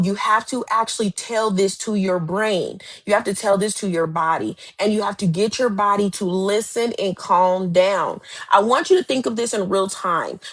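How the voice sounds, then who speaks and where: A woman's voice: medium pitch, breathy edge. A woman life coach giving a live motivational talk, speaking emphatically and directly with lots of repetition.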